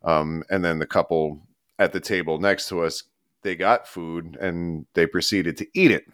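A man co-hosting a podcast, telling a long story in a rambling, animated, casual way with frequent laughs. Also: low-pitched, moderate pace, no room sound, clean studio sound. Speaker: podcast co-host.

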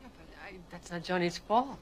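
A woman's voice: lowish voice, fairly quick, slight background noise, lightly acted. An actress playing a stubborn, pragmatic woman in a film drama, speaking bluntly.

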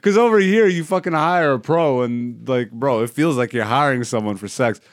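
A man co-hosting a podcast in casual, profane chat, loudly reading a news story aloud and laughing often. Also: mid-range voice, normal speed, dry recording, clean studio sound. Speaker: podcast co-host.

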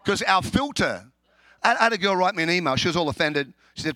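An Australian man preaching with a high, ringing voice that sounds bright and forceful. He tells his stories in an animated way, laughs often and trips over repeated words. The sound is close and dry, with no room around it. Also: quick pace, dry recording. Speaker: pastor. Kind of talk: humorous sermon.

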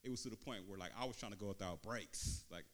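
A man with a Bay Area accent doing a stand-up comedy set on a club stage, telling loose, slangy stories and slipping into quick quoted voices. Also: fairly low pitch, slight background noise. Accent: Bay Area Californian. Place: comedy club stage before a live audience.

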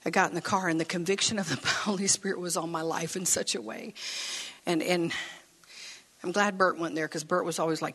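A woman's voice: on the low side, fairly quick. A middle-aged woman pastor preaching a sermon in a church, telling stories casually and building to bold declarations. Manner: animated, conversational storytelling with rising declarations. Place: church sanctuary.

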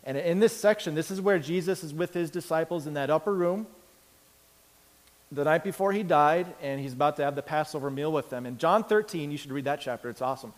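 Animated male preacher in an echoey hall. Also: on the high side, brisk. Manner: animated storytelling, acts out characters with big swings in loudness. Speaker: pastor. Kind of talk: sermon.

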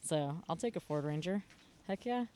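A man's voice: fairly high pitch, animated, normal speed, noisy background. A man chatting casually with friends, easygoing and a bit hesitant. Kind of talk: casual chat.

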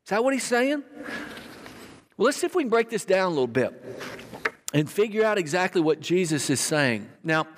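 Man, pastor, sermon, high voice, conversational, repeats phrases for emphasis, long hall reverb. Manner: conversational, emphatic repetition, calls for audience response. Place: church auditorium with congregation.

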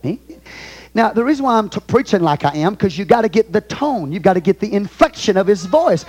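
A pastor with a Texan accent preaching a fervent sermon in a church, reading scripture aloud and swinging between booming and hushed delivery. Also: male voice, sing-song, a little fast. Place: church sanctuary.

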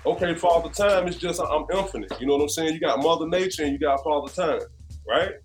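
A man from North Carolina speaks as a guest in a relaxed interview, his voice sitting high for a man. He talks in an animated, conversational way. Soft music plays underneath. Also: quick pace. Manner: animated, conversational, leans on "you know what I'm saying". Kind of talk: casual interview chat.

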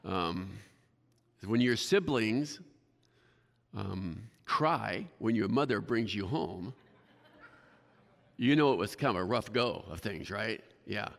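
A man's voice: fairly low pitch, expressive, takes it slowly, vocal fry, long pauses. A male pastor preaching a sermon in a church, talking conversationally, often checking in with the congregation and joking at his own expense. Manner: conversational, keeps asking the congregation "right?"; self-deprecating humor. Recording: long hall reverb.

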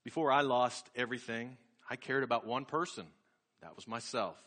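A man preaching a sermon, telling a personal story in an earnest, reflective way that slows and softens at key points. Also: medium pitch.

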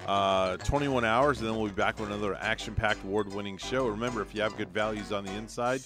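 A man's voice: lowish voice, fast, over music. A man hosting a morning radio show in a studio, teasing his guest and joking through the banter. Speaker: radio host.

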